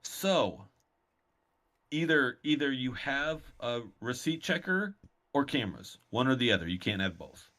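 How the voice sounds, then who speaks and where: A man's voice: medium pitch, sing-song, measured pace, bright, forceful tone. A man co-hosting a casual chat podcast, ranting in an exasperated way. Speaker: podcast co-host.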